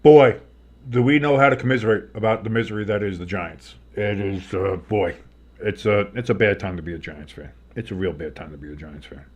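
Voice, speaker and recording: A slightly rough, lowish male voice moves fairly quickly with fairly even intonation. He calls plays as host of a live sports stream, slipping into casual jokes along the way.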